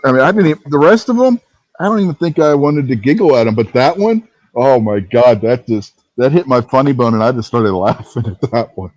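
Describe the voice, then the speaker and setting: A man's voice: mid-range voice, expressive, brisk, darkish tone, no room sound, rough recording. A man co-hosting a casual wrestling talk show, rambling a little and laughing easily as he talks. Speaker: podcast co-host.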